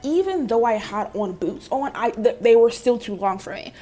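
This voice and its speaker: A young woman telling viewers about her week in a casual, animated vlog, with playful asides and questions to the audience. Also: a little high, moderate pace, faint music behind. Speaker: vlogger.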